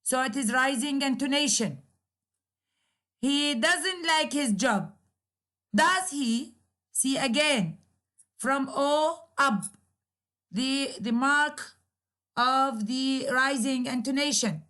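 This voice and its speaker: A university English lecturer, a woman whose first language is Arabic, walks through grammar at a slow, deliberate pace. Her voice sits high, and she circles back over each point with small hesitations and repeated phrases. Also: a bit bright.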